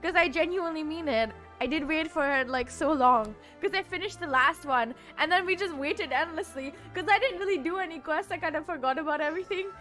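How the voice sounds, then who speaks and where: A woman's voice: high-pitched, a little fast, few pauses, fairly bright tone, faint music behind. A woman streamer chatting casually while playing a game, bubbly and rambling, with giggles and restarts. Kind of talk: casual let's-play chatter.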